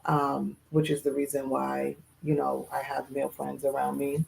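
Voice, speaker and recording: A young woman with a low, gravelly voice talks things through on a podcast. She pauses often, fills gaps with soft ums and chooses her words with care. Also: monotone, a little hiss or hum, poor audio. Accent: Boston. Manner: thoughtful, hesitant with many ums. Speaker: podcast co-host. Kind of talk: casual chat.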